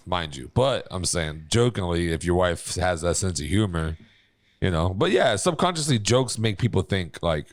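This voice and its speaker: A man co-hosting a casual podcast, his voice sitting on the low side. The sound is dry and close, with no room in it. He tells stories with energy and jumps into quoted lines. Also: fairly quick, dry recording. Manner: animated storyteller, acts out quotes. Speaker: podcast co-host. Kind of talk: casual chat.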